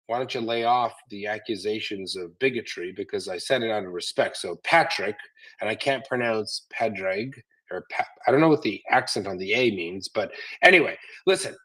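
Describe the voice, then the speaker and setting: A man's voice: on the low side, moderate pace, fairly bright tone, low-quality recording. A man from Canada hosting a heated live audio chat, who keeps cutting in with insistent interruptions.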